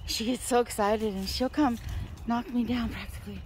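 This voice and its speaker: A woman's voice: fairly even intonation, moderate pace, a little mellow, a little hiss or hum. A middle-aged woman chatting casually to her phone camera while walking her dogs outside near her house. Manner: chatty, calls dogs in a high singsong. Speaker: vlogger. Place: outdoors near a house and woods.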